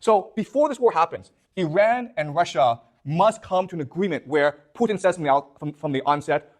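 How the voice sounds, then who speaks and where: A man's voice: fairly high pitch, animated, moderate pace, hardly any pauses. A man giving a classroom lecture, posing questions to his students and checking in with them again and again. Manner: keeps checking in with "okay? you understand?".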